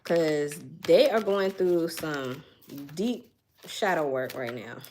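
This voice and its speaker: A woman's voice: low voice, animated, slow, a little mellow, slight background noise. A woman, doing a casual tarot reading and chatting straight to her viewers in a folksy way. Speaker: tarot reader.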